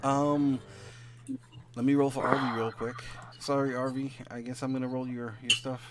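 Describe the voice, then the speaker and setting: A man's voice: medium pitch, level tone, normal speed, crowd noise. A man running a tabletop game as dungeon master, narrating in a rambling way with lots of fillers.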